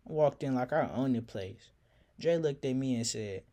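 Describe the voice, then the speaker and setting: Dark-voiced man telling a story. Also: mid-range voice, animated, moderate pace. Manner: casual slangy, reflective. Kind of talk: personal storytelling.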